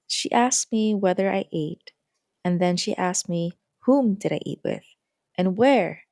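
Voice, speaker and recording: Woman host, low mellow voice, gentle reflective story reading. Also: no room sound, studio quality. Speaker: podcast host.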